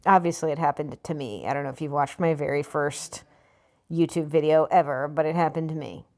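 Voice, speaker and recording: Woman vlogger, slightly low voice, blunt and scornful, reads an article aloud and picks it apart. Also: steady tone, fairly quick, darkish tone. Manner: blunt, sarcastic, profane ranting. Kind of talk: opinion vlog reading an article.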